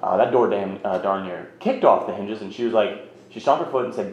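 A man's voice: lowish voice, a little fast, a little hiss or hum. A man in his thirties telling his own recovery story in a candid, rambling, self-mocking way. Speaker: speaker sharing a recovery story. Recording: roomy, slightly muffled recording.

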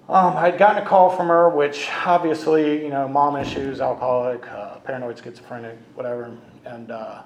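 A young man giving a halting, earnest personal testimony at a recovery meeting, full of ums and uhs. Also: mid-range voice, a little mellow. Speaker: speaker sharing his recovery story. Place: meeting room. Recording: echoey room with background noise.

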